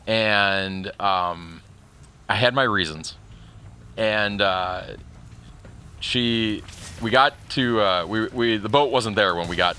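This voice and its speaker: A man's voice: on the low side, sharp tone, smooth. A male streamer chatting casually while playing, telling a rambling story full of restarts and chuckles. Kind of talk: casual chat while livestreaming a game.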